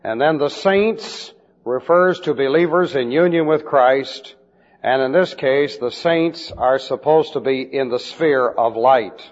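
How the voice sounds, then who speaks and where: A man preaching in a deliberate style, teaching Bible doctrine, and spelling out Greek words letter by letter. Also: mid-range voice. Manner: slow, deliberate emphasis on key phrases. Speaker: pastor. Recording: dull lo-fi recording with long hall reverb.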